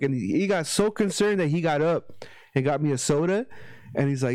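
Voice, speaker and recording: A man from a Mexican family, telling a story in casual, profane, animated chat. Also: on the high side, a little fast, no echo.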